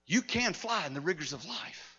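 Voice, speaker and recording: A male pastor delivers a dramatic sermon in a high, bright voice. He swings from shouting to near-whispers as he tells the story. The recording is dull and lo-fi, with long reverb from a large sanctuary. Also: expressive, normal speed, a little hiss or hum.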